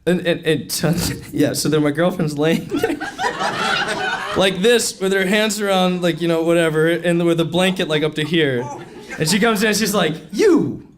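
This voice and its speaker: A young man telling a comic story on stage at a live event, animated, laughing often and filling his talk with "like". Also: on the high side, measured pace, crowd noise. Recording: noisy live event recording.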